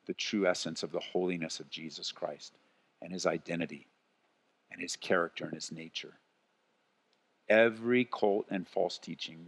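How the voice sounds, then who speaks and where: A man preaching a live church sermon as pastor, moving between quiet earnest passages and rising, loud exhortation. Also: lowish voice. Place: church sanctuary. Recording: long reverb of a large hall.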